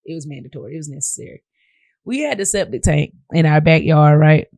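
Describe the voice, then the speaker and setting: A woman's voice: deep voice, expressive, a little fast, gravelly, a little mellow, no room sound, studio quality. A woman with a Southern US accent hosting a podcast, talking casually and straight to her listeners as "y'all". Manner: conversational, addresses listeners as y'all. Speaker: podcast host. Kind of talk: casual monologue.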